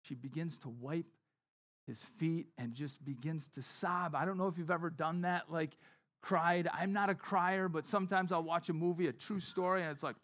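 Man, preacher, sermon, storytelling, slightly higher voice, soft hushed passages. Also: normal speed. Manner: conversational storytelling, often dropping to a soft, hushed tone.

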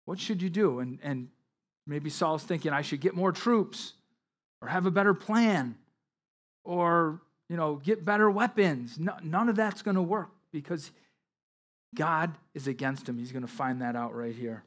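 Guy preaching a sermon, slightly higher voice, reads the verses then breaks in to explain, pushes hard on key words. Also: a little slow, fairly bright tone. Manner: reads scripture aloud then explains it with emphatic asides. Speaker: pastor.

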